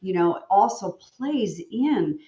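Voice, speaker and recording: A woman hosting an interview over a video call, talking in an animated, rambling, frank way with jokes. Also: mid-range voice, slow pace, reverberant, lo-fi sound. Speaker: podcast host. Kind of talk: casual interview chat.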